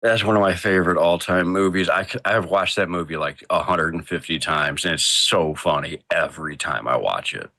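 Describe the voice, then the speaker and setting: A man hosting a laid-back livestream, his voice deep yet bright and forward. He rambles, breaks off and restarts, and keeps a playful edge throughout. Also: normal speed, few pauses. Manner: rambling, self-interrupting, playful. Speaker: livestream host. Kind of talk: casual livestream chat.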